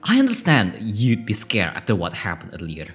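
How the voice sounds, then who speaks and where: A calm, motherly young woman speaks in a soft, low, reassuring voice, as a man puts her on while reading game dialogue. Her tone is hushed and gentle, a few steps below the performer's usual pitch, with a bright edge. Faint game music plays behind. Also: moderate pace.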